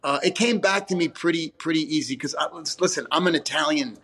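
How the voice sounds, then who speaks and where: New man, high-pitched, rambling and blunt. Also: a little fast, a bit bright, breathy edge. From New York, USA. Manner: rambling, swears freely, frequent restarts. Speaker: actor guest. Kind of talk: casual interview chat.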